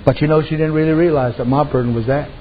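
A man's voice: fairly high pitch, steady tone, fast talker, slight background noise. A man preaching a sermon, telling folksy stories and dropping repeated amens. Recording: dull lo-fi recording.

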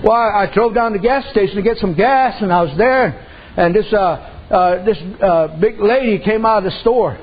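A man's voice: sits high, moderate pace, husky. A man preaching a sermon, telling folksy stories and dropping repeated amens. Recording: dull lo-fi recording.

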